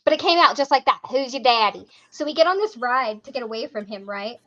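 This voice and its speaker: A woman co-hosts a casual chat. She tells her stories in an animated way and swears freely. Her voice is bright and high, and it comes through dull lo-fi audio. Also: quick pace. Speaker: podcast co-host.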